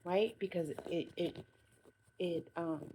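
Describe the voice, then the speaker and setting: A woman's voice: fairly low pitch, fairly even intonation, slow, dark tone, slight background noise. A woman talking straight to her viewers, giving earnest self-care advice and repeating phrases for emphasis. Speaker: vlogger. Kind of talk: casual motivational talk to camera.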